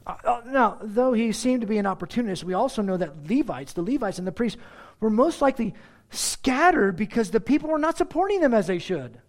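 Animated, sarcastic preacher man. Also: high-pitched, normal speed. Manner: animated, sarcastic, rhetorical questions; swings between loud exclaims and hushed asides. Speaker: pastor. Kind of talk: expository sermon.

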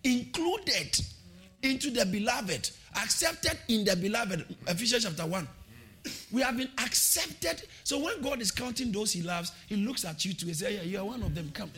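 A man preaching a sermon, shouting calls to the congregation and repeating phrases with a sing-song emphasis. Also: sits high, expressive, normal speed. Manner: repeats phrases, laughs between points.

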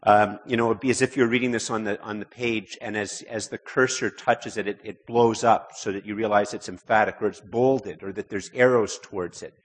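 A man preaches a sermon in a church, his slightly low voice a touch husky. He talks conversationally, repeating words, then builds into emphatic stretches. The sound carries a long hall reverb. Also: steady tone, fairly quick, hardly any pauses.

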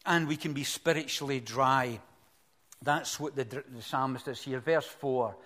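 An older man preaching a sermon as pastor, earnest, swelling to emphatic peaks, then dropping soft and slow. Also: medium pitch.

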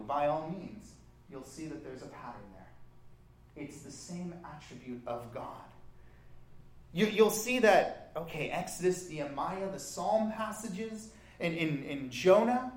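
Animated preacher man in an echoey room. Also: a little high. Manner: animated, with rising emphasis and frequent restarts. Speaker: pastor. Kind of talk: sermon.

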